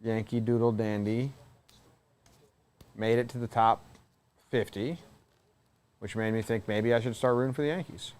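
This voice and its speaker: A man's voice: mid-range voice, steady tone, moderate pace, long pauses, darkish tone, clean tone. A man co-hosting a baseball podcast, chatting loosely and joking while watching a game. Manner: joking, loose, swears casually. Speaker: podcast co-host. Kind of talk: casual chat watching a game.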